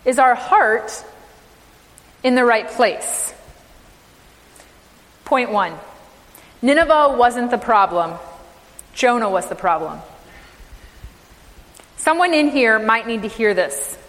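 A fairly high-voiced woman preaches with emphatic rhetorical questions, her sermon ringing with the long reverb of a church sanctuary. She speaks as a minister addressing a congregation. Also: animated, slow pace, pauses often, fairly bright tone.

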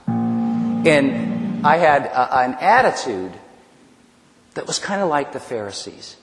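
Guy preaching his testimony, kinda high voice, stumbles and restarts a lot, big echoey church sound. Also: a little slow. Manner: storytelling, animated, many restarts. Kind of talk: personal testimony sermon. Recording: echoey hall, long reverb.

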